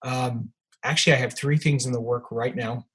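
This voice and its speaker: A man's voice: medium pitch, steady tone, normal speed, a bit bright, breathy edge, rough recording. An older man, an author, telling rambling anecdotes as a podcast guest, with many restarts and fillers. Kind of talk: storytelling in a podcast interview.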